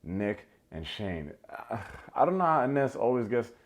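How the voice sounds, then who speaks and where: A man's voice: mid-range voice, very animated, measured pace. A man, recapping a dating show with sarcastic, playful commentary and mock impressions. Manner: sarcastic, playful, mimics people he quotes. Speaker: recap video host. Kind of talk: comedic reality show recap.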